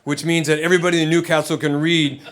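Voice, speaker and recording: A middle-aged man with a fairly high voice doing stand-up in a club. He talks loosely and wryly, poking fun at himself between the jokes. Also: little pitch movement, quick pace, a bit bright. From United States. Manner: wry, self-deprecating, loose and conversational. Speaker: stand-up comedian. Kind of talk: stand-up set. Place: comedy club with live audience. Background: audience laughter.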